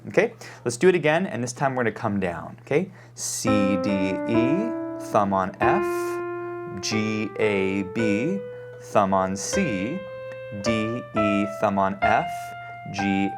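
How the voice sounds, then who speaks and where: Playing through a lesson, a male piano teacher names notes and fingerings aloud and keeps asking the student "okay?" His voice is lowish, and the loud piano runs beneath his speech.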